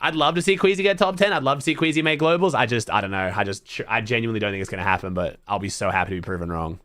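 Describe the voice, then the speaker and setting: A man's voice: fairly low pitch, very fast, a bit bright, dry recording. An Australian man streaming to his chat, thinking aloud in blunt, casual talk full of swearing. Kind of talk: casual livestream chat to viewers.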